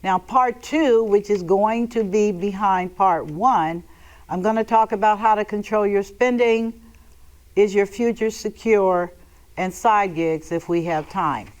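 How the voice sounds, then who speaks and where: A woman's voice: medium pitch, unhurried. A woman hosting a televised money seminar. She talks bluntly and with emphasis, straight to her viewers, and now and then breaks into theatrical emotional outbursts. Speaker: host giving a financial seminar. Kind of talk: televised financial lecture.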